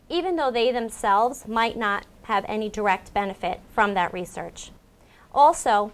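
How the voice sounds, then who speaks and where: A woman reading a scripted explanation of clinical trials in a clear, measured way, as a member of a trial team. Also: on the high side. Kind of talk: scripted informational narration.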